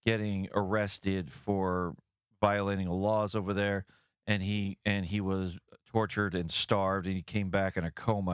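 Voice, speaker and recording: A man's voice: low voice, clean tone, dry recording, clean studio sound. A man hosting a podcast, giving blunt, profane opinion commentary on news stories and ranting with mock voices for the people he criticizes. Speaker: podcast host.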